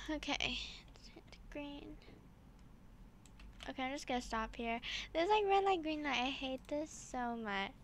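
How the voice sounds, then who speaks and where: A woman hosting casual gameplay commentary, excitable and full of exclamations as she talks to her viewers. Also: high voice, a little slow, pauses often, slight background noise. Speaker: gaming channel host.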